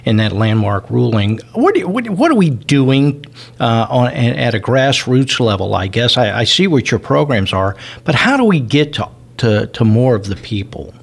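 A man co-hosting a radio talk show, asking halting questions. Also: mid-range voice, vocal fry. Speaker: radio co-host.

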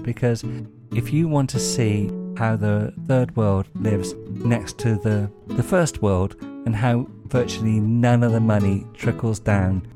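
A man telling wry stories in a monologue, now and then chuckling dryly. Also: lowish voice. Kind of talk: anecdotal monologue.

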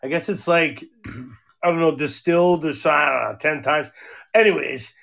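A man's voice: fairly high pitch, moderate pace, creaky, a bit bright. A man co-hosting a podcast in casual chat, a rambling, profane storyteller. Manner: profane, rambling storyteller, acts out quoted voices. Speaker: podcast co-host.

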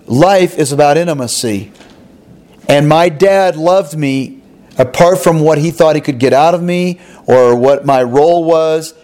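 A man's voice: fairly high pitch, measured pace, darkish tone. A man preaching a sermon, retelling a parable and voicing its characters with expression. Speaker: pastor.

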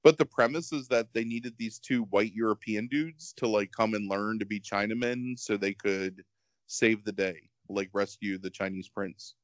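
A man co-hosting a podcast in casual chat, rambling and animated, filling with "like". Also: fairly low pitch, normal speed, dry recording.

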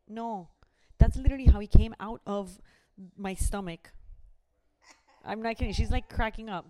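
A woman's voice: medium pitch, moderate pace, warm tone. A young woman, chatting animatedly and dropping in Spanish phrases. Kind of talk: casual chat.

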